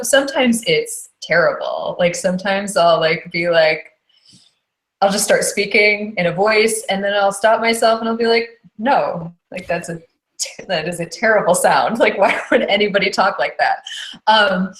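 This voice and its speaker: A woman's voice: on the low side, fairly bright tone. Chatty woman narrator, roomy echo. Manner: chatty, with frequent "like" and "um" fillers. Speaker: audiobook narrator. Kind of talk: casual interview.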